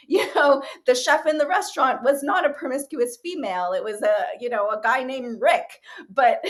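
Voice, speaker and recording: Chatty woman, high-pitched voice. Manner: animated, chatty, many fillers and quick asides. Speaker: interview guest, actress and writer. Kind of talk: casual interview talk.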